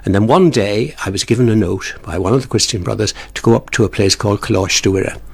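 Fast and on the low side, with vocal fry and a breathy edge, this older man recounts stories from his youth in a laid-back interview. Born in England and raised in Ireland, the retired broadcaster chuckles softly and repeats words as he goes.

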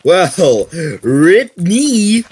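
A man's voice: sits high, big pitch swings, drawn-out words, darkish tone, slightly rough. A man playing along in a let's play, casual and joking with playful quips. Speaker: co-player. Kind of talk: casual gameplay chat.

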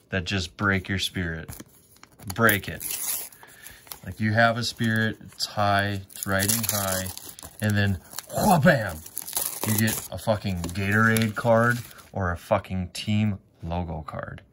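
A man with a lowish, fairly bright voice, carrying a slight hiss or hum, casually narrates a sticker pack opening vlog. He swears a lot, grumbles about bad pulls, and talks to his viewers while wrappers crinkle and faint clicks sound behind him.

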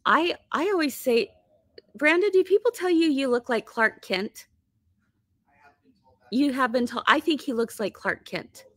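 A woman hosting a live sewing tutorial, bubbly and chatty and laughing often, her voice slightly hoarse. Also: high-pitched, lively intonation, a little slow, long pauses, a bit bright, dry recording. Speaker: quilt shop host.

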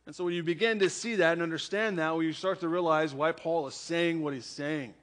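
A man's voice: fairly high pitch, fairly even intonation, fairly quick, a bit bright. A man preaching as a church pastor, talking the listeners through a scripture passage in a conversational way and often asking "right?". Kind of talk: sermon with scripture reading and prayer.

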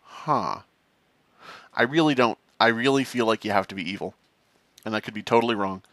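A man doing casual let's-play commentary in an animated, jokey way, thinking aloud as he plays. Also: fairly low pitch, normal speed, no echo. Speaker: gaming commentator.

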